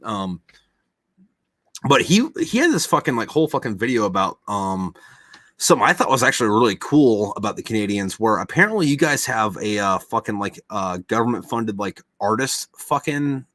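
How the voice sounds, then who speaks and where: A man's voice: on the low side, very animated, normal speed, fairly bright tone, no room sound. A man in casual podcast chat, rambling and swearing a lot, with many fillers. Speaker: podcast host.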